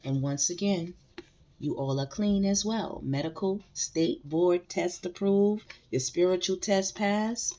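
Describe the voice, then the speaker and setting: A woman's voice: on the low side, slow, mellow. A woman giving a casual spiritual tarot reading, speaking emphatically to her viewers and often repeating phrases. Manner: emphatic, repeats phrases, addresses the collective directly. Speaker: tarot reader.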